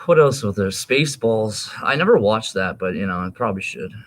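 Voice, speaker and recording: A man's voice: fairly low pitch, lively intonation, fairly quick. A man in his thirties rambling in a casual, profane monologue, laughing and jumping between topics.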